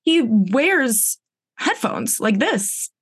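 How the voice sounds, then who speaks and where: Animated woman telling a story. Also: a little high, extremely slow, slightly rough. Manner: animated storyteller who acts out quoted dialogue; frequent fillers like "like" and "um". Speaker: podcast co-host. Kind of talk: casual chat, storytelling.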